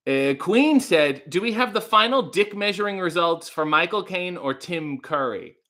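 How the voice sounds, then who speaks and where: A man's voice: sits high, animated, unhurried, few pauses, bright, forceful tone. A man in his thirties hosting a casual livestream, chattily reading out viewer comments and reacting to them. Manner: chatty, reads comments aloud, sings lyrics in a mock voice. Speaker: host.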